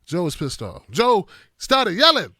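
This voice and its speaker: Bright-voiced man doing animated political commentary. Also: high voice, measured pace, dry recording, clean studio sound. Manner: animated, joking, swings between shouting and mumbling. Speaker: host.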